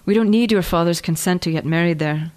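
A woman's voice: fairly low pitch, a little fast, darkish tone, close to an everyday voice. A woman reading the lines of a passionate, hotheaded young man who speaks urgently and pleads. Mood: desperate, angry. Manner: urgent, pleading, hoarse at times.

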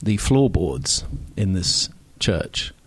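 A man's voice: low voice, very animated, extremely slow, husky, no echo. Wry older man with received pronunciation. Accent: received pronunciation English. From Scotland. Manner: wry, digressive, self-mocking with many fillers. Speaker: speaker telling a personal story. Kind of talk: storytelling talk. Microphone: microphone on stage.

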